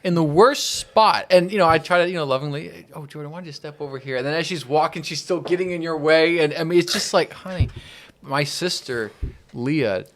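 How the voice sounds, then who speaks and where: A married man co-hosting a casual podcast, telling a story in an easygoing, drawn-out way. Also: a little high, fairly bright tone. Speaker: podcast co-host. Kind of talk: casual banter.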